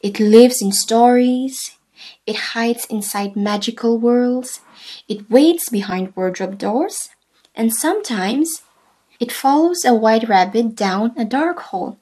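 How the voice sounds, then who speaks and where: Slow, expressive woman teaching English. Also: a little high, breathy edge. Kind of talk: classroom lesson.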